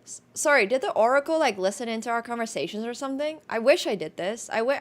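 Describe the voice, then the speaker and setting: A woman's voice: fairly high pitch, animated, fast, few pauses. Chatty young Californian woman streamer. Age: 20s. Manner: chatty, wry, self-deprecating. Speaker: chess streamer. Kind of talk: casual livestream chat.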